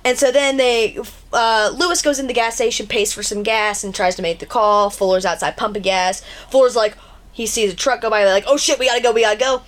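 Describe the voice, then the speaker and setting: A woman co-hosting a podcast, retelling a film's plot in a casual, animated way with frequent swearing. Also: mid-range voice, fairly quick. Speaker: podcast co-host. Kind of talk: casual movie recap chat.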